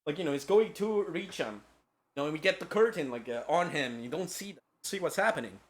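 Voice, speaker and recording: A man's voice: on the high side, lively intonation, a little fast. A man streaming a casual lecture-style game recap, rambling and profane with lots of filler words.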